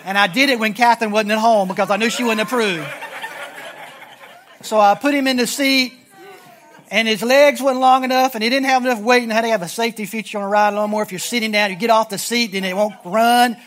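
A man's voice: high voice, steady tone, quick pace, fairly bright tone, slight background noise. A middle-aged man preaching a sermon in a conversational, humorous storytelling style to his congregation. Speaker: pastor.

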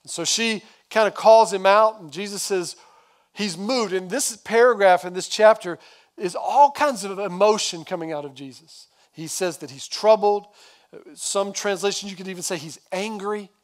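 A male pastor giving a sermon, retelling the story in a casual, conversational way with quick asides. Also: sits high.

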